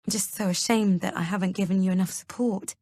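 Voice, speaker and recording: A woman reading an audiobook, voicing a gentle, worried husband who talks softly and hesitantly. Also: mid-range voice, fairly even intonation, fast talker, no echo, clean studio sound, natural voice. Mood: earnest. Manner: soft, hesitant pleading.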